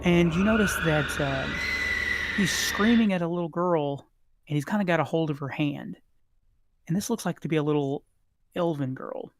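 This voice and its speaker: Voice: medium pitch, normal speed, background noise. A game master casually narrating a tabletop game with many fillers.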